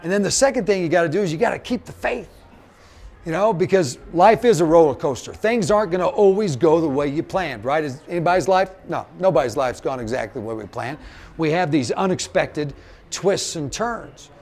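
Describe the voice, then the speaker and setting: A man's voice: fairly high pitch, brisk. A middle-aged man from Missouri giving a live motivational talk, telling stories, acting out the quotes and speaking straight to the audience. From Missouri, USA. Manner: animated storyteller, acts out quotes, addresses the audience directly.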